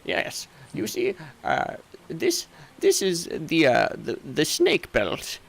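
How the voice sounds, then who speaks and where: A man's voice: wildly swooping pitch, takes it slowly, gravelly, slightly rough, heavily acted. A man voicing a fussy, hard-of-hearing elderly male shopkeeper who stammers and dithers. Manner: dithering, stammering, high-pitched muttering.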